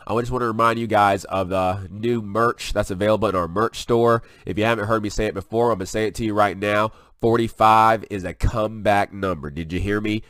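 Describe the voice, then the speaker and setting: A man hosting a casual preaching vlog, excitable and folksy as he talks through what is on his screen. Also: fairly low pitch, fast talker, hardly any pauses, no room sound, studio quality. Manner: excitable, folksy, drawls "y'all". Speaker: online video host.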